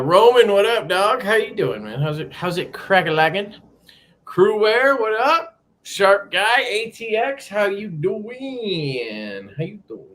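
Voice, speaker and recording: A man's voice: on the high side, a bit bright. A man hosting a casual live stream from a sparse room at home, greeting chatters by name in a loose, swearing way. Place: home room being moved into.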